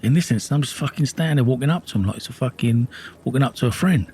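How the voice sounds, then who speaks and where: A man's voice: mid-range voice, lively intonation, rapid-fire, darkish tone, slight background noise. A middle-aged man telling a raw first-person true-crime story, blunt and intense, with heavy swearing.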